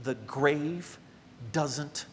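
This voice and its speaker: A man with a high voice preaches a sermon, talking straight to the congregation in an emphatic, conversational way. His voice rings out with a long reverb, as if in a large hall. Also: very slow, slight background noise. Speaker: pastor.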